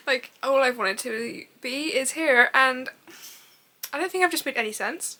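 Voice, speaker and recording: A young woman talking straight to her camera in a casual reading vlog. She gushes and giggles, rambles on excitedly and swears now and then. Her voice sits a little high and sounds bright and sharp. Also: moderate pace. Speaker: book vlogger.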